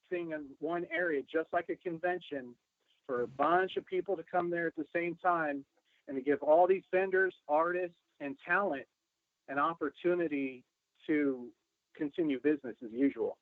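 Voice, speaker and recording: A man's voice: a little high, no echo. A male guest enthusiastically promoting his online platform in an interview. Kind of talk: interview over a call. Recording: tinny phone-like call audio.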